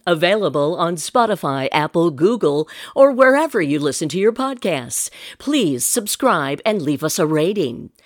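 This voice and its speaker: A woman's voice: low voice, no echo, studio quality. A woman announcer giving a scripted promo read for a radio network.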